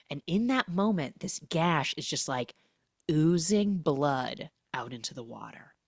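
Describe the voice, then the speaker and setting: A woman with a low, grounded voice hosts a casual podcast recap. She tells the story in a chatty way and jumps into the characters' lines with sudden swings in pitch. The sound is close and dry, with no room around it. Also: no echo. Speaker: podcast host recapping a film.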